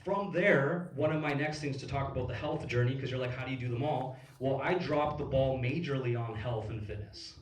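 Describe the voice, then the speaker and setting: A man's voice: medium pitch, fairly quick, few pauses. A man in his thirties speaks on stage at a business event, picked up from far off in a roomy, echoing hall with a faint hiss underneath. He tells his stories loosely, full of fillers and casual swearing. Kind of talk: motivational stage talk. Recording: echoey hall recorded from far off.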